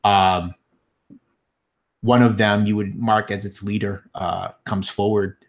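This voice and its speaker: A man narrating a tabletop fantasy game as game master, halting often with ums and restarts. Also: lowish voice, little pitch movement.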